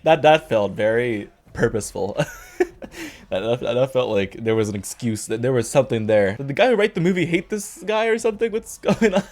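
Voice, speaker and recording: A man's voice: medium pitch, lively intonation, fairly quick, a little mellow. A young man hosting a casual movie review chat, rambling and swearing, laughing often between remarks. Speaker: video host.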